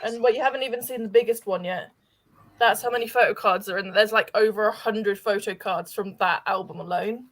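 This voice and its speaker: A woman chatting casually with friends, talking fast and loose with lots of filler words. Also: mid-range voice, fairly bright tone. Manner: chatty, peppers talk with "like". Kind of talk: casual chat among friends.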